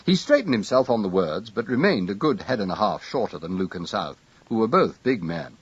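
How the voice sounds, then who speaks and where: A man narrating an audiobook in a measured, expressive storytelling manner. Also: on the low side, slightly rough, muffled recording. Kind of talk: scripted narration.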